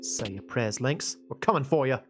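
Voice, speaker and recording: A man voicing a brash, tough young woman thief, high-pitched, loud and pushy. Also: expressive, normal speed, loud music behind the voice, lightly acted. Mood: fierce.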